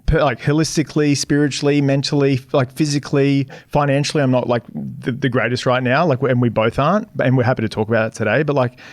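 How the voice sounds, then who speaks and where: A man's voice: mid-range voice, steady tone, fast talker, hardly any pauses, no room sound, clean studio sound. A young Australian man, a business founder, speaking openly as a guest in a casual interview and filling his speech with "like". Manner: open, filler-heavy, lots of 'like'.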